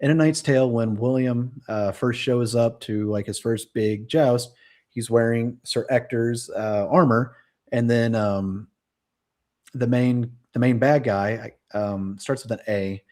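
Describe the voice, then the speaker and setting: A man's voice: mid-range voice, fairly even intonation, unhurried, darkish tone. A young man hosting a casual live stream, rambling with lots of fillers and self-corrections. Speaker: host.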